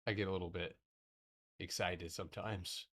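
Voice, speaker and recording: A young man giving casual live trading commentary to his community, excitable and profane, talking in broken half-sentences. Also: deep voice, normal speed. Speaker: stock trading streamer.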